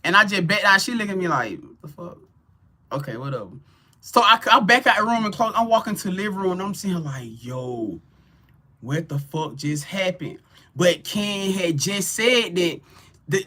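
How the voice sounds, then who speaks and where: Lively, bright-voiced man telling a story. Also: high-pitched, quick pace. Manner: animated, profane, addresses viewers as y'all. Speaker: tarot reader and livestream host. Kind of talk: casual storytelling on a livestream.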